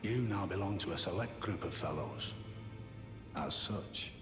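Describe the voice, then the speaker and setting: An actor playing a scheming male knight-scholar who hoards knowledge, speaking in a measured, formal way in video game dialogue. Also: low voice. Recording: echoey game audio with music.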